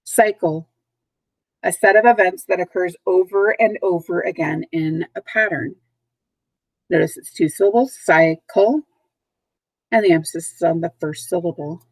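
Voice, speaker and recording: A woman teacher giving a recorded vocabulary lesson, speaking patiently and clearly, repeating and spelling out words, recorded at home. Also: on the low side, no room sound, rough recording. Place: at home, dogs nearby.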